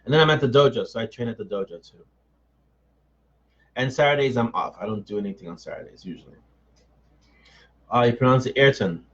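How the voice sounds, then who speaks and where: A man's voice: medium pitch, a little fast, pauses often. A middle-aged man chats with his live-stream audience, greeting viewers by name and joking at his own expense. His voice sits in a middle register. The sound is a little dull and lo-fi, like a webcam stream. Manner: chatty, answers viewers by name, self-mocking. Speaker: author hosting a live chat. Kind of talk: casual live-stream chat reading comments.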